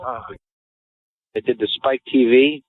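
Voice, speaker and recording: A man's voice: medium pitch, steady tone, a little slow, no room sound. A man hosting a podcast, trading crude comedic banter in a brash, profane, ribbing way. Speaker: podcast host. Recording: tinny phone-like audio.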